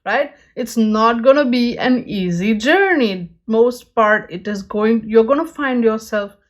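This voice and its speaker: A woman's voice: a little high, measured pace. A woman giving a pick-a-card tarot reading, speaking earnestly and straight to her viewers, with many "you know"s.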